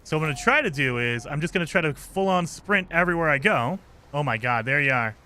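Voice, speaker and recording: Male gaming streamer, slightly high, bright voice; chatty play-by-play commentary. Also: expressive, quick pace. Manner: chatty, explains as he plays, grumbles at game tools. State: out of breath at times while running. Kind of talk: casual gameplay commentary.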